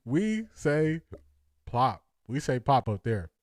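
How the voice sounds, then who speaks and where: A man's voice: medium pitch, big pitch swings, slow pace, a little mellow, dry recording, clean studio sound. A man from Ohio, hosting a casual livestream, joking with chat, laughing often and repeating lines for effect. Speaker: sports talk livestream host reading chat.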